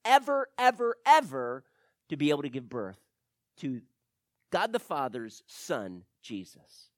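A man preaching a sermon as pastor, reading scripture aloud with emphatic stresses and soft drops. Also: high voice, dry recording, clean studio sound.

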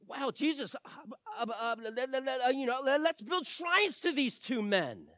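A man voicing an impulsive, excited fisherman disciple who stammers and makes earnest vows. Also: very high-pitched, normal speed, no room sound, studio quality, voice pushed up, exaggerated voice. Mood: stammering eager.

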